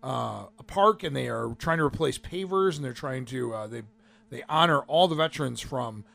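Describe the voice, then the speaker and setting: Gravelly-voiced radio co-host. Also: male voice, mid-range voice, moderate pace. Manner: rambling, trails off softly at phrase ends. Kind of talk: casual radio chat. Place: radio studio.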